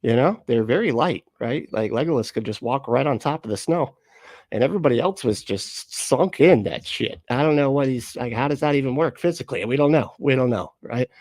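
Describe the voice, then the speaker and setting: A man's voice: medium pitch, lively intonation, fairly quick, darkish tone, dry recording. A man chatting casually on a live stream, reading viewer comments aloud with rambling, profane jokes. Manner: profane, rambling, jokey, reads chat aloud. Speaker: streamer reacting to clips.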